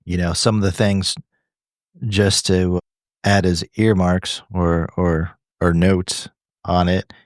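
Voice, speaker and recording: A man's voice: low voice, no room sound, clean studio sound. A man co-hosting a podcast in casual chat, rambling and leaning on filler phrases as he talks. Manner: rambling, leans on "you know" and restarts. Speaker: podcast co-host.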